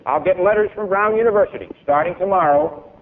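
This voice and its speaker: This university speaker is a man with a high voice and a quick pace who orates emphatically, swinging widely in volume, before taking audience questions. The sound comes from tinny, lo-fi archival tape.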